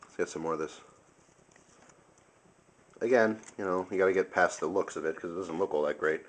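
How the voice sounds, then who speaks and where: A man's voice: low voice, fairly quick. A young man casually reviewing food on camera, chatty and enthusiastic, sometimes talking with his mouth full. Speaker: video host.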